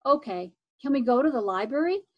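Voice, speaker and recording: A woman's voice: high-pitched, lively intonation, a little fast, dull audio. A woman voicing a friendly, helpful child narrator speaking to friends. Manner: warm and encouraging.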